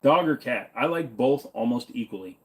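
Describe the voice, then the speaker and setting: A man's voice: mid-range voice, expressive, normal speed. A man hosting a livestream, reading viewer questions aloud and answering them offhand in casual, jokey chat with the odd swear.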